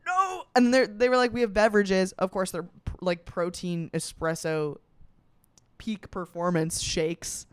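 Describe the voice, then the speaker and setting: A woman's voice: clear, resonant tone, no echo. Brash, self-mocking young woman storyteller. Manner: animated, jumps up in pitch for quoted voices. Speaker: podcast host. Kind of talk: comic storytelling.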